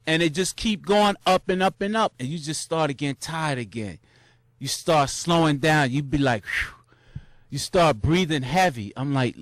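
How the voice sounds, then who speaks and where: A young man tells his story in a loose, slangy ramble full of restarts. His voice sits high for a man, and it jumps up whenever he acts out the crowd cheering. The sound is dry and close, with almost no room around it. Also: animated, normal speed, a bit bright, dry recording. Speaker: vlogger recounting a marathon. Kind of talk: casual storytelling monologue.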